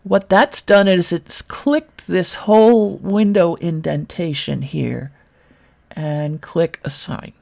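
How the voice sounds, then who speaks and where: A woman's voice: lowish voice, slow, gravelly, a little mellow. A woman from Brooklyn giving a casual screen-share tutorial on 3D modeling, thinking aloud with wry, self-mocking asides. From Brooklyn, New York.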